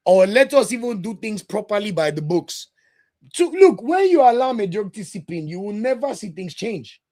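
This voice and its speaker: A man's voice: high-pitched, very animated, normal speed, warm tone. A man hosting a live football watch-along, ranting bluntly and passionately while speaking directly to his chat, with a delivery his family compares to a preacher's. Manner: sermon-like delivery. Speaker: football podcast host.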